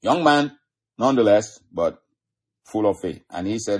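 A man's voice: fairly low pitch, lively intonation, measured pace, slightly rough. A man preaching a sermon, retelling scripture stories with frequent chuckles. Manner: storytelling, chuckling often.

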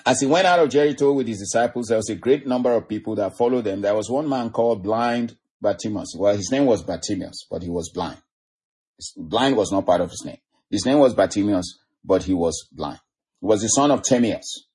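A male preacher delivering a sermon with fervent, filler-laden storytelling that builds to excited outbursts. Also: fairly low pitch, moderate pace, husky. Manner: fervent, frequent "you know" fillers, rising to excited cries.

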